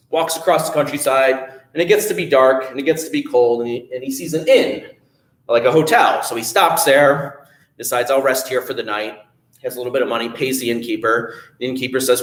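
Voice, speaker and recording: A man telling a folk tale at a library storytime, animated and drawing pictures as he goes. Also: medium pitch. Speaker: children's storyteller. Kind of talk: storytime read-aloud. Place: library room. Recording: echoey room.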